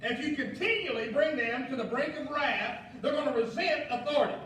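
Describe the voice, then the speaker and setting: A male pastor, preaching a fiery sermon with shouted emphasis and folksy asides. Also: extremely high pitch, brisk. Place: church sanctuary. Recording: echoey church hall, mic far off, faint noise.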